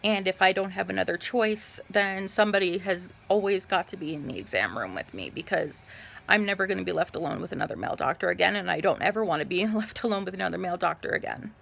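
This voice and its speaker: A young woman telling a personal story to her vlog audience in a halting way, with frequent fillers, while lounging in bed. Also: fairly low pitch, creaky, a bit bright. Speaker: vlogger.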